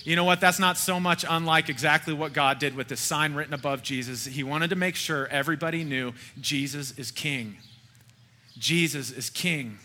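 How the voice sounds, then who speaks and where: A man's voice: fairly high pitch, fairly even intonation, a little fast, few pauses, sharp tone, in a large hall. A man in his forties preaching a sermon in a folksy, conversational way, asking his listeners questions as he goes. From Kentucky. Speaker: pastor.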